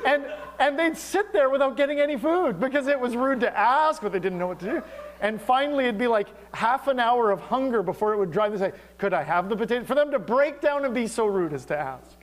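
Middle-aged man, very high voice, pastor preaching with humor and little acted-out exchanges. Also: fairly quick. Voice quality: animated, humorous storytelling with acted-out dialogue. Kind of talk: sermon.

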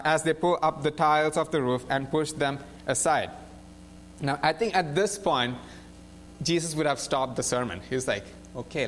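A young man preaches in a relaxed, conversational way, retelling a Bible story with lots of "like" and "right?" tossed in. His voice sits a little high for a man. A faint hum runs underneath. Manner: animated storytelling with frequent "like" and "right?".

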